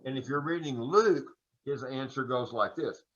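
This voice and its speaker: A man's voice: mid-range voice, moderate pace. Man giving a chatty Bible lecture. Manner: relaxed, chatty teaching with folksy asides. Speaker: Sunday school teacher. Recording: dull lo-fi recording.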